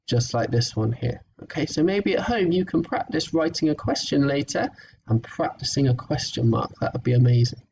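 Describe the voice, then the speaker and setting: A man teaching a recorded phonics lesson to young children, encouraging and patient, sounding words out slowly. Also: medium pitch, gravelly, darkish tone, far from the mic, lo-fi sound, a little hiss or hum.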